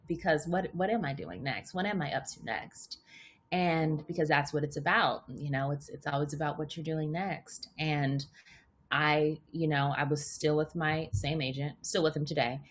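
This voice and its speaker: A woman actor as a podcast guest, telling stories in a casual, animated way, often stammering and repeating words. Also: deep voice, a little hiss or hum. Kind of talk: casual interview chat. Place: podcast recording.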